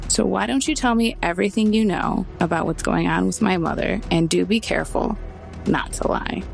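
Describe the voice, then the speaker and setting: A woman plays a tabletop game, chatting casually and turning tough when she talks as her character. Her voice is full of gravel and fry, and soft music plays underneath. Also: on the low side, normal speed. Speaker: player.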